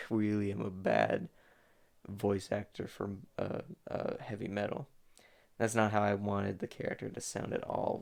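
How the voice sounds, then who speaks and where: A man's voice: lowish voice, gravelly, a little mellow. A young man giving a casual, rambling commentary on his own fan animation, full of fillers and restarts.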